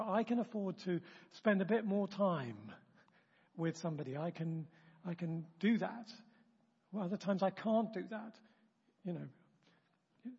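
Man, husky, fairly high voice, chatty teacher, dull recording, long room reverb. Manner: chatty, self-interrupting, acts out example remarks. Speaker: church training session leader. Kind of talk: informal teaching talk.

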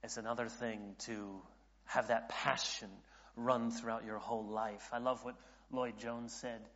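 A man's voice: medium pitch, level tone, measured pace, a bit bright. A man in his late thirties preaching a sermon as a pastor, earnest, often restarting his sentences and building in intensity. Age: late 30s. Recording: dull audio in a reverberant hall.

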